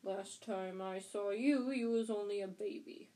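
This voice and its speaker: A woman reading an audiobook, voicing a huge, gruff but kindly giant man with a rough, homely, slow way of talking. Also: mid-range voice, mellow, natural voice, rough recording. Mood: gruff friendly. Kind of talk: audiobook character voice.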